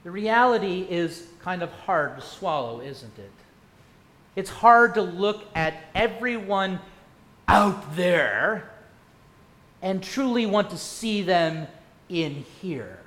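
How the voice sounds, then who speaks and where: A male pastor preaching a sermon, firing rhetorical questions and swinging from loud to hushed. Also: high-pitched, expressive, takes it slowly. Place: church sanctuary. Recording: echoey church room.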